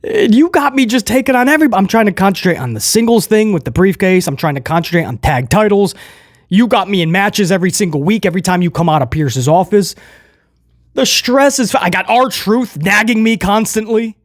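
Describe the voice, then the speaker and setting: A man's voice: sits high, lively intonation, a little fast, dry recording, studio quality. A man quoting and playing an earnest, stressed male wrestler who complains in sincere exasperation. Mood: exasperated.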